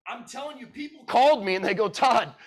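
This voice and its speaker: A man with a high-pitched voice delivers a motivational speech to a room of listeners. He is blunt and profane and keeps firing questions at the crowd. He drops from loud urging into quiet, emotional storytelling. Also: fast, husky. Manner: blunt, swears freely, quizzes the audience. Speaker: keynote speaker. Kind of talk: motivational speech to a live audience.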